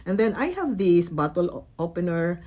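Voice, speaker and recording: A middle-aged woman with a slightly low voice talks viewers through a craft project. She sounds chatty and gentle, pausing on fillers and correcting herself as she goes. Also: sing-song. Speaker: craft vlogger. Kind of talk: casual craft tutorial narration.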